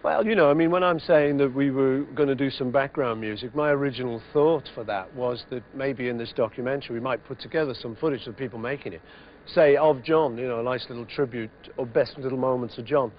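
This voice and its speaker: A man in his fifties answering interview questions in a relaxed, rambling way, with lots of "you know"s. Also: mid-range voice, a little fast, a little hiss or hum. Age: 50s. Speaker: interviewee musician. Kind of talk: reflective interview chat. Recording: dull lo-fi TV interview audio.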